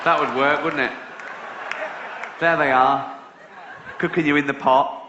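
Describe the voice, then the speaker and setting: A man from England with a voice on the high side and fairly even intonation delivers his stand-up set unhurriedly, storytelling, imitating other people and laughing in bursts. The roomy, muffled live recording from a large theatre carries crowd noise, a noisy background and audience laughter.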